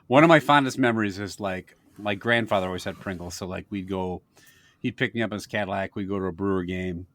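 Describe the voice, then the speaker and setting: A fast-talking man from Wisconsin co-hosts a casual, comedic snack-tasting podcast. He tells rambling, crude, comic stories with a lively pitch. The recording has no echo.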